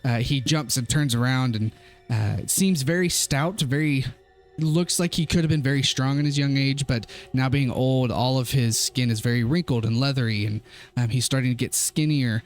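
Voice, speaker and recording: A young man narrating a tabletop game as game master, relaxed and halting, with many fillers. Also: mid-range voice, faint music behind.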